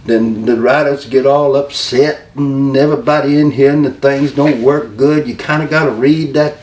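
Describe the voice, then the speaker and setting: A man doing an impression of a laid-back middle-aged wrestling booker who calls people baby and talks in a slow, persuasive drawl. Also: mid-range voice, fairly even intonation, darkish tone, voice pushed up, lightly acted. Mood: breezy. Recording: distant, echoey room with faint hum.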